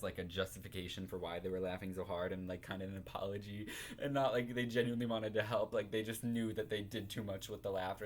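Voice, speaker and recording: A young man in a casual storytime vlog, talking in an animated, self-consciously dramatic way, laughing often and saying like a lot. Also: on the low side. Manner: filler-heavy, says like a lot. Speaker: vlogger.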